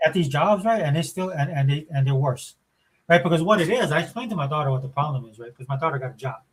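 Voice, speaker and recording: A middle-aged man co-hosting a podcast speaks quickly and animatedly in a fairly high voice, over crowd noise in a rough recording. He chats casually, rambling through stories with lots of fillers.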